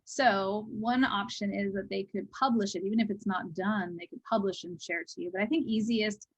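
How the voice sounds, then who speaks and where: A woman presenting to teachers on a video call, walking through software casually with loose, filler-filled phrasing. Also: mid-range voice, fairly even intonation, moderate pace, slightly rough, poor audio. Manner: chatty, loose, many fillers.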